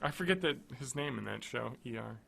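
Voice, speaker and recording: A man's voice: mid-range voice, lively intonation, a little fast, vocal fry, a crowd in the background. A man co-hosting a podcast, chatting casually and teasing his friend with jokes. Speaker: podcast co-host. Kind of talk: casual chat.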